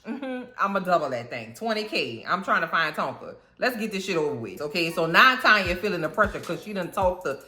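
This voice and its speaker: A woman's voice: lowish voice, fairly quick, hardly any pauses. A woman hosting a reaction video who gives casual commentary and rants emphatically, with plenty of slang. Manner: animated, emphatic ranting with slang.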